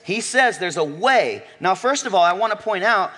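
A man pastor preaching a sermon in church, emphatic, swinging from quiet asides to near-shouts and slowing down for stress. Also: high-pitched, expressive, husky. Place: church sanctuary.

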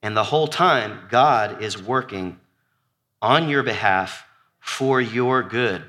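A pastor delivers an animated sermon to his congregation in church, his male voice mid-range and his pace slow. He sinks to a near-whisper on repeated lists, then calls out loudly to the people before him.

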